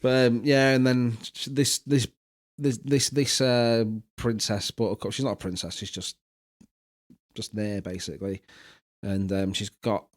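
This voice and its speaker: A man's voice: medium pitch, a little slow. A man, co-hosting a podcast in casual chat, telling stories animatedly. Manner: animated storytelling, puts on quoted voices. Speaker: podcast co-host.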